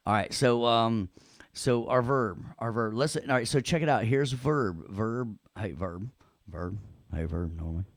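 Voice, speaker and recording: A man teaching audio production in a playful, joking way, walking through a software demo. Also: lowish voice, a little slow, no room sound. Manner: playful, joking, repeats "check it out". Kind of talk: live software demo lecture.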